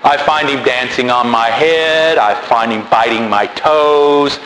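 Male preacher, unhurried delivery, chatty asides and repetitions, roomy reverberant hall, faint background noise. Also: medium pitch. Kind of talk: sermon.

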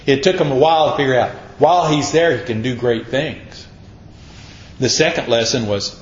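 A man's voice: medium pitch, slight background noise. A man preaching a sermon, dramatic and acting out voices from the Bible. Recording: echoey room, dull sound.

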